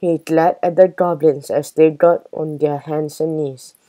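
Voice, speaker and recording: Slow, low-voiced woman reading a storybook. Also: fairly even intonation, dark tone, low-quality recording. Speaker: storybook reader. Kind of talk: reading a children's chapter book aloud.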